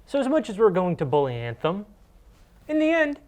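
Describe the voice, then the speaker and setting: A man's voice: sits high, wildly swooping pitch, brisk, a little hiss or hum. A young man co-hosting a casual gaming news chat, ranting and often restarting his sentences. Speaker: co-host.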